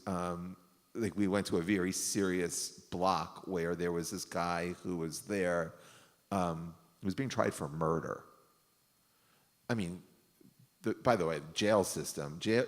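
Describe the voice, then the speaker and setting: Speaking as a rabbi, a low-voiced man tells a story casually and loosely, full of fillers and self-corrections. He keeps a measured pace, and the long reverb of a synagogue hall surrounds his voice.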